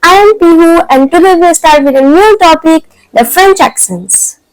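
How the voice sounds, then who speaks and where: A woman's voice: extremely high pitch, expressive, moderate pace, no room sound, rough recording. A woman teaching an online French lesson, explaining patiently step by step in non-native English phrasing.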